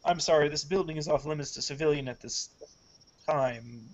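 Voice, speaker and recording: A man's voice: a little high, moderate pace, close to an everyday voice. A man voicing a pompous male mayor who turns formal and stammering under pressure, with dull lo-fi audio.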